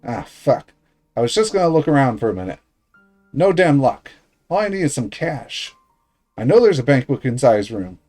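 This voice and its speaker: A man voicing a brutal, foul-mouthed adult man in a game read-aloud, bullying and profane, pushed higher than his own voice. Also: sing-song, normal speed, darkish tone, soft background music. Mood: menacing.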